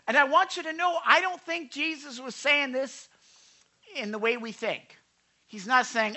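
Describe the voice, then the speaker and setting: A man preaching a sermon in an animated way, dropping into quiet asides and then rising to act out the voices in the story. His voice is bright and forward. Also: very high voice, normal speed, low-quality recording. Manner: animated, acts out quotes of Jesus and disciples; conversational asides, self-corrections. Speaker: pastor.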